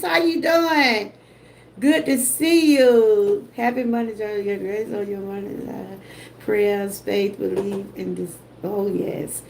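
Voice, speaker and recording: A woman with a Southern US accent hosting a casual livestream, emotional and effusive as she greets the people in her chat. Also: mid-range voice. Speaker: host.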